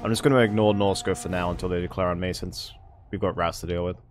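Low-voiced man muttering through a strategy game. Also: steady tone, quick pace, faint music behind. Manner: thinks aloud, swears, mutters to himself. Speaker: gameplay streamer. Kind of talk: casual let's-play commentary.

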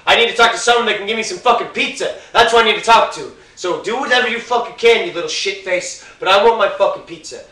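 A foul-mouthed, menacing customer, played by a man hurls curses in a bright, sharp voice. He sounds set back from the mic in an echoey room, with a faint hiss underneath. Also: mid-range voice, lively intonation, fast, distant mic, pitched below the performer's own voice, lightly acted. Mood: yelling. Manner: swearing, threatening, bullying. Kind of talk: amateur comedy sketch.

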